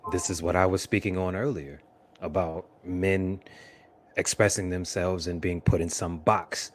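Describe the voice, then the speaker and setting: A man in a casual group discussion, speaking forcefully and emphatically. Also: deep voice, steady tone, a little slow.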